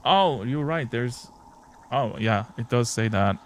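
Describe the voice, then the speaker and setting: A man's voice: medium pitch, lively intonation, slow pace, a little hiss or hum. Casual man streaming a game. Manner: casual, joking, talks to chat. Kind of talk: live gameplay commentary.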